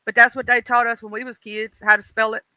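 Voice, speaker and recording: A man from Mississippi with a Deep South accent, rambling in folksy casual chat with his livestream viewers and greeting them by name. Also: little pitch movement, fast talker, sharp tone, clear, resonant tone, no room sound. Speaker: livestream host.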